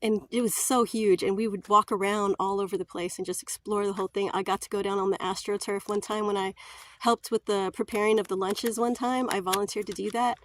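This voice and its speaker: A woman's voice: mid-range voice, steady tone, brisk. A chatty woman, telling stories in a casual vlog and laughing often. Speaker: vlogger.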